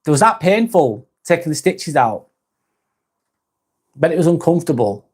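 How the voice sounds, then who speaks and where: A man's voice: on the high side, big pitch swings, moderate pace, darkish tone, breathy edge. A man from northwest England, hosting a live stream in a casual chat style, reading viewer comments aloud and replying in a friendly way.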